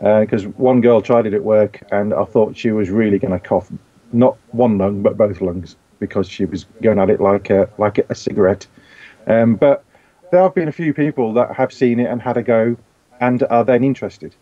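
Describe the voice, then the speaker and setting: A man's voice: lowish voice, fairly even intonation, normal speed, warm tone. Brief: male show regular, easygoing chat, muffled sound. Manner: easygoing, many fillers. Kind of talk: casual chat. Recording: dull lo-fi sound.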